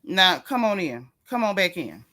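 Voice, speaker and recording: Sassy bright-voiced woman gossip host. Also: on the low side, very animated, normal speed. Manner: sassy, drawling, greets viewers. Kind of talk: casual gossip commentary.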